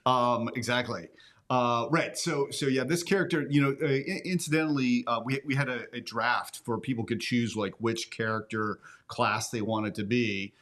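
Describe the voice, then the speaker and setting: A man's voice: mid-range voice, normal speed, fairly bright tone. A man hosting a casual game commentary, rambling with many fillers and restarts. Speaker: host.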